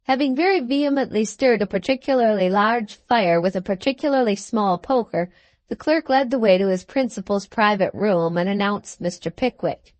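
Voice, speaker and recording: A woman narrating a classic novel in a steady, measured storytelling voice. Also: medium pitch, no echo. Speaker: audiobook narrator. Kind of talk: scripted audiobook narration.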